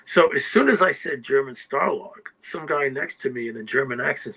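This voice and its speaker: A man's voice: medium pitch, normal speed, hardly any pauses, fairly bright tone, slightly rough, low-quality recording. An older man, a guest writer, telling anecdotes in a rambling conversational way, often checking in with "you know" and "okay?". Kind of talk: casual anecdotal storytelling.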